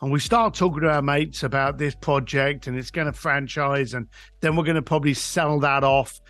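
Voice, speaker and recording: As a guest on a podcast, a coach and author tells stories with emphasis and acts out the quotes as he goes. His voice runs on the high side at a moderate pace, captured in a dry recording.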